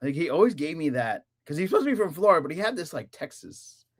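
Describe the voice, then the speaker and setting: A podcast host runs a casual live-stream, reading viewer comments aloud in an animated, giggly way and laughing often. His voice is slightly high with a breathy edge, and he talks at a quick pace.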